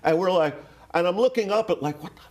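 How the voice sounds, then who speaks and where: Speaking fast with lively intonation, this man in his sixties has a high, slightly mellow voice. He's from Rhode Island and, as an interview guest, tells a personal story in a rambling way packed with "like," restarts and cursing.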